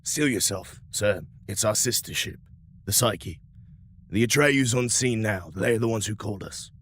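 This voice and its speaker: A man's voice: on the low side, measured pace, a bit bright. A man speaking in character as a deferential officer in a tabletop game, with frequent hesitations. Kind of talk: in-character tabletop role-play.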